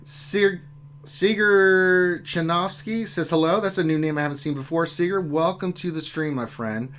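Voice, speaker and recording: A man's voice: a little high, normal speed, a bit bright, a little hiss or hum. Joking man hosting a live gaming stream. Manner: joking, banter-filled. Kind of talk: casual chat, reading out viewer comments.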